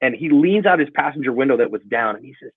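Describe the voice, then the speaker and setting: A man's voice: medium pitch, fast, slightly rough, no echo. A middle-aged man telling stories in a casual interview and acting out the dialogue in them. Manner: animated, acts out dialogue in stories. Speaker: self-defense channel guest. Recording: tinny phone-like line, dry.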